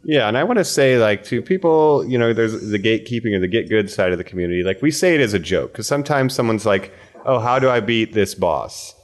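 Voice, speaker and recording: Low-voiced guy on a gaming podcast, chill and explaining stuff. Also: expressive, fast talker, hardly any pauses. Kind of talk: casual chat.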